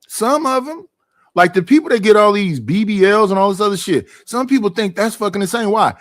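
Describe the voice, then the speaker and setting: A man's voice: high voice, brisk, no room sound, studio quality. A middle-aged man, ranting profanely at home in a casual streaming monologue, firing off rhetorical questions.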